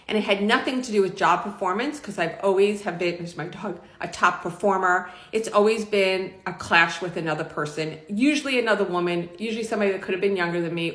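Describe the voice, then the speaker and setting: A woman's voice: mid-range voice, a bit bright. Emotional middle-aged woman in an echoey room. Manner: emotional, rambling, frank. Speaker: vlogger. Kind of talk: personal story to camera.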